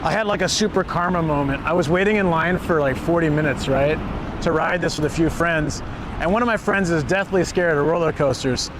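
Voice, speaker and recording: A man hosting a casual live stream outdoors on city streets, chatting and telling stories in an excitable way. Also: a little high, brisk. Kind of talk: casual live-stream chat while touring. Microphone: portable streaming rig. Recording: busy street noise.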